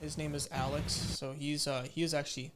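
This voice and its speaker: A young man casually telling a story as he reacts to his old videos, lively and full of fillers, acting out what people said. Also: fairly high pitch, a little fast, noisy background. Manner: animated storyteller, acts out quoted exchanges, many fillers.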